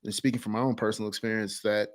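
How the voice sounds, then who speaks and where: A man with a fairly low voice hosts a casual podcast interview. He sounds pumped and eager, tripping over his own phrases and restarting sentences as he goes. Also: little pitch movement. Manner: enthusiastic, halting with fillers and restarts. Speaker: podcast host.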